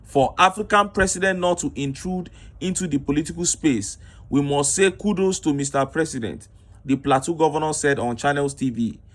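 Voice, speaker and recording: A man's voice: a little high, normal speed. Indignant Nigerian man reading headlines. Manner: indignant, rhetorical questions. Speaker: political commentator. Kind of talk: reading news and tweets with commentary.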